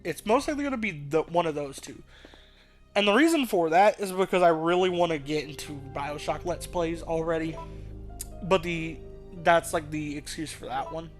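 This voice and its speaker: A man's voice: a little high, normal speed, soft background music. A man hosting a let's play, rambling casually and thinking aloud, with the odd swear. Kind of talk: rambling gameplay commentary.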